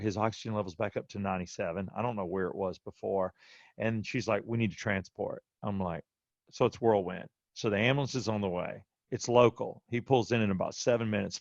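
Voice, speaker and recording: A man's voice: on the low side, gravelly, no room sound, muffled recording. A man co-hosting a podcast, telling a personal story in a casual way and acting out what other people said. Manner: animated retelling that acts out other people's quoted lines. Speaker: podcast co-host.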